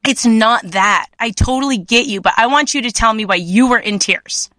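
A woman host with a bright, forceful voice, recorded close and dry. She talks earnestly and openly about her own struggles as a Catholic mother, in a candid faith conversation. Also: a little high, moderate pace, no echo.

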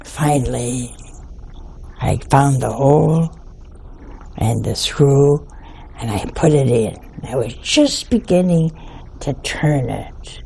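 Slow gravelly older nun telling stories. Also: female voice, rumbling low, animated, mellow. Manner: slow, folksy anecdotal delivery. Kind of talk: humorous storytelling talk.

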